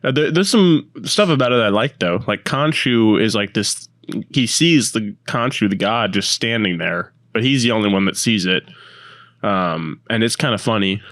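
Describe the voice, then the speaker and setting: A man chatting loosely on a podcast, his voice sitting a bit low and close to the microphone with no room sound. He rambles through his points with many fillers and restarts. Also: lively intonation, moderate pace, fairly bright tone, no room sound. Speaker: podcast co-host. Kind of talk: casual chat.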